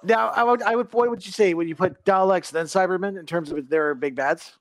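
Male co-host, higher, lively pitch, dry sound, teasing and inquisitive. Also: brisk, dry recording. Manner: teasing, question-asking. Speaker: podcast co-host. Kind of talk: casual chat.

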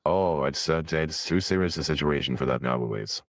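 A man voicing Bob, a serious male lawyer, formal and halting with fillers. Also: a bass voice, no echo, studio quality. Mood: stiff. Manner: formal, hesitant with many fillers. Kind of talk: improvised role-play.

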